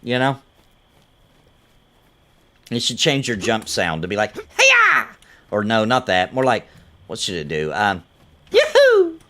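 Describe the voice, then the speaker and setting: A man with a fairly low, expressive voice live-streams an online game, speaking unhurriedly with long pauses over background noise. Playful and jokey, he chats casually with viewers and teases things in the game.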